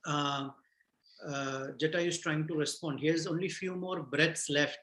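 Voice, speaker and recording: A man retelling a scripture story in a class, gentle and halting, with many fillers and restarts. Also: on the high side, steady tone, roomy sound, poor audio. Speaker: storyteller teacher.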